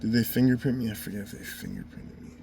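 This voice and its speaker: A man's voice: on the low side, huge pitch swings, quick pace, vocal fry, mellow, slight background noise. Profane, heated man ranting. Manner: profane, heated, rambling retelling. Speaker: vlogger telling a personal story. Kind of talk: casual storytelling monologue.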